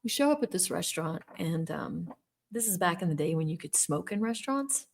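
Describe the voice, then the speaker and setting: A woman's voice: fairly low pitch, lively intonation, fairly quick, vocal fry. A middle-aged woman telling a personal story in an earnest, emphatic way, repeating words for stress. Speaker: former Jehovah's Witness telling her story.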